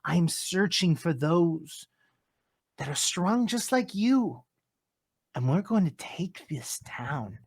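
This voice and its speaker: Dark Star, a man voicing a silky villain. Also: fairly high pitch, very animated, slow, husky, dry recording, studio quality, heavily acted. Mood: scornful. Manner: silky, condescending, patient menace. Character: smooth-talking male villain leader, menacing and persuasive. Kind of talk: in-character tabletop role-play.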